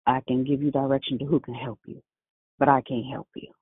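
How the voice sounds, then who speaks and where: Husky woman caller on a phone line. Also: rumbling low, flat delivery, no echo. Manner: candid, halting, emotional. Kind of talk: personal sharing on a call. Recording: tinny phone line, dry.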